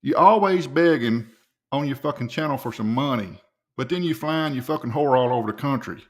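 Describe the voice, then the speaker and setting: A man's voice: expressive, fairly quick. Profane mocking reaction host man. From US South. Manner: profane, mocking, swings in pitch.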